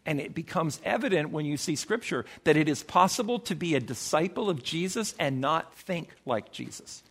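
A man preaching a sermon as pastor, emphatic, acting out quoted voices with sudden swings in pitch. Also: lively intonation, moderate pace, few pauses, a bit bright, slightly rough.

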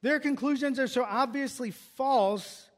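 A man's voice: very high voice, a little slow. A pastor preaching an earnest expository sermon, often restarting and repeating words as he works through a passage.

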